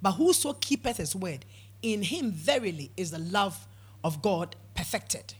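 Woman preacher, husky voice, emphatic sermon delivery, repeats words for stress. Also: mid-range voice, expressive, measured pace. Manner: emphatic, repeats words, call-and-response amens.

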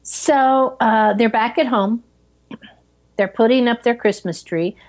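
A middle-aged woman in casual chat, calmly retelling a film and sharing memories of the past. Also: fairly high pitch, slow.

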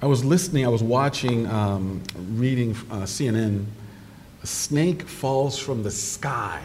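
A male preacher delivers a sermon in a big reverberant sanctuary. His voice sits at a middling pitch. He turns animated as he tells stories, jumping up high for the voices he quotes, with a faint hiss of noise underneath. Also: a little slow. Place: church sanctuary. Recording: distant microphone in a reverberant church hall with noise.

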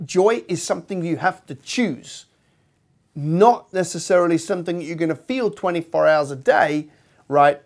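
A man hosts a podcast in a relaxed, chatty way, often leaning on fillers as he talks. His voice sits a little on the high side. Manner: chatty, many fillers like "you know". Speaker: podcast host. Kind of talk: casual podcast intro and talk.

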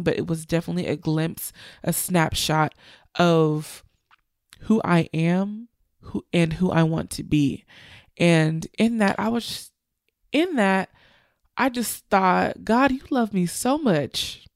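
A woman's voice: lowish voice, unhurried, vocal fry, no room sound, clean studio sound. A young woman, a bride-to-be, chatting to her viewers in an emotional, gushing storytelling style. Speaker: bride-to-be vlogger.

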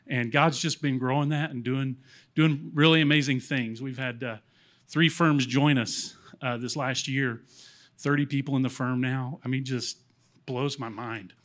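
A man's voice: medium pitch, normal speed, fairly bright tone. Choked-up man giving a church testimony. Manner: rambling, self-deprecating, getting choked up. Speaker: church member sharing testimony. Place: church platform, in front of congregation. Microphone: handheld mic.

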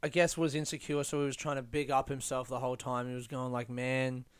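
Young male comedian, sardonic and profane storyteller, clean smooth tone. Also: mid-range voice, fairly even intonation, fast talker. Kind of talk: casual comic storytelling.

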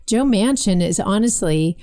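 A woman co-hosting a casual political talk show, chatty and lively, with quick asides and read-aloud comments. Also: mid-range voice. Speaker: podcast co-host.

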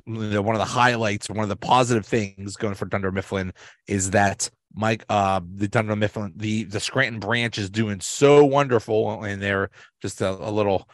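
A man's voice: lowish voice, no room sound. A man hosting a podcast, casually recapping and ranking sitcom episodes, rambling with many restarts and small chuckles. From Pittsburgh area, US. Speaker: podcast host.

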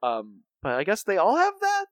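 A man's voice: sits high, wildly swooping pitch, moderate pace, a bit bright, no room sound. A man co-hosting a podcast, recapping a cartoon episode in a rambling, casual way with many fillers and restarts. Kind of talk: casual chat.

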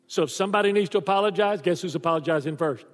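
A man's voice: high-pitched, very fast. A man, preaching a sermon as a pastor, telling stories animatedly and acting out the voices in them. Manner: animated storytelling, acts out voices in quotes. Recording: long hall reverb.

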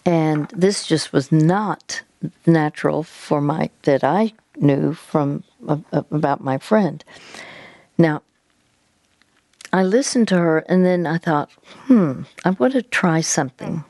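A woman hosting a Christian call-in counseling show, gently coaching a caller and guiding her through slow deep breaths, with many halting restarts. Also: dry recording. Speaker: radio counseling host.

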